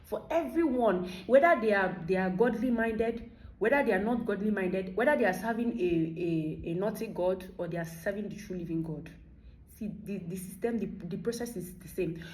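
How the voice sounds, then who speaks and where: A woman's voice: mid-range voice, moderate pace, darkish tone. A Nigerian woman in her thirties giving an emphatic motivational monologue, firing off rhetorical questions. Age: 30s. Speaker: vlogger. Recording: echoey room.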